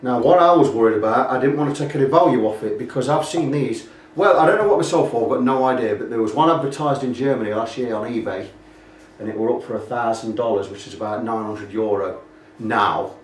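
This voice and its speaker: A man's voice: mid-range voice, fairly quick. British man, guitar repair technician, rambling workshop walkthrough, roomy echo, a bit off mic. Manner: rambling, points out faults as he goes. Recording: echoey room, mic at a distance.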